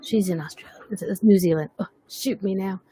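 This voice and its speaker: A woman hosts a webcast in casual chat, frequently laughing and poking fun at herself. Her medium-pitched voice is brisk, mellow, and husky, captured in a dry recording.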